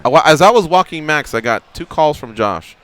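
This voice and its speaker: A male radio co-host in casual sports chat. His pitch swings widely as he talks, and he tells stories animatedly, putting on voices for whoever he quotes. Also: a little fast. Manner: animated storyteller, does voices when quoting people.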